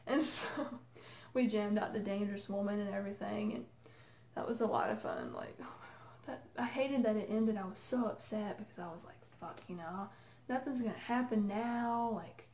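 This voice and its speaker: A woman excitedly telling a rambling story to camera, full of fillers. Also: mid-range voice, moderate pace. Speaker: vlogger. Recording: echoey room.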